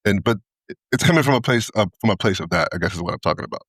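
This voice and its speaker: A man co-hosting a podcast, telling stories in a casual, animated way, acting out the people he quotes, swearing and laughing often. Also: lowish voice, racing, slightly rough, no echo. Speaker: podcast co-host. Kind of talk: casual chat.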